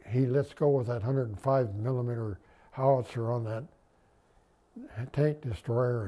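An older veteran recounts his memories in a loose, folksy way, often stopping to restart a sentence. His voice is mellow and dark, with a husky edge. He sits at a middling pitch for a man. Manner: rambling, folksy, many restarts. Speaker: WWII veteran interviewee. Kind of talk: oral history storytelling.

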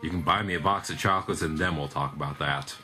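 A young man with an extremely low, fast voice plays a video game with his sister as a let's play gamer. His commentary is casual, joking, sarcastic and profane, with game music in the background.

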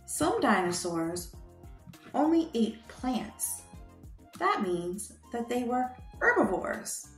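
A woman's voice: a little high, big pitch swings, slow, echoey room, faint music behind. A woman hosting a children's show, teaching toddlers in a sing-song, coaxing way and prompting them to repeat words.

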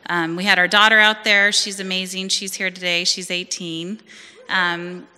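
Bright-voiced woman telling her story. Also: lowish voice, normal speed, clean tone, long reverb tail. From California. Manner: lively storytelling, acts out quoted voices. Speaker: church member giving testimony. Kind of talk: personal testimony at a church service. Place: church hall.

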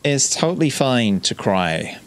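A man hosting a relaxed let's-play, chatty, chuckling and self-deprecating. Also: mid-range voice, measured pace, soft background music. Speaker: gaming video host.

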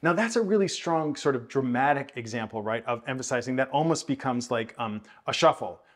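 A man's voice: mid-range voice, animated, brisk. A male music teacher in a video lesson, voice sitting in an ordinary middle register. He explains ideas in a thoughtful, hedging way and breaks into counted beats and scatted rhythms to demonstrate. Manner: counts and scats rhythms aloud while explaining. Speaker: jazz bass teacher.

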